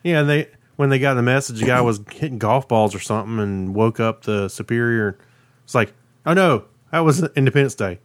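A man's voice: medium pitch, a little fast. A man co-hosting a casual podcast, joking and hesitant with frequent restarts. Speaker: podcast co-host.

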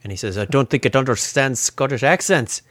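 A man's voice: mid-range voice, brisk, fairly bright tone, no echo. A man hosting a casual tech podcast, chatty and laughing as he retells funny stories. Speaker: podcast host.

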